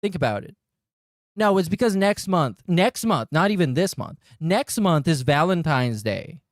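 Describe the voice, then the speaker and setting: A man's voice: on the high side, very animated, normal speed, no echo. A man giving sarcastic, mocking commentary while reacting to a clip. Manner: sarcastic, mocking, laughs often. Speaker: reaction streamer.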